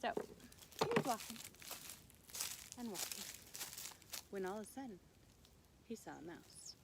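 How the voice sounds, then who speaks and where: A woman telling a campfire story, playful and animated, dropping to hushed whispers and jumping to squeaky high bursts. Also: unhurried, gravelly, heavy background noise. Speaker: camp storyteller.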